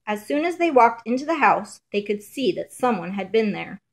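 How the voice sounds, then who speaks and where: A woman reading a children's fairy tale aloud in a measured, rhythmic storybook manner. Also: a little high, big pitch swings, creaky.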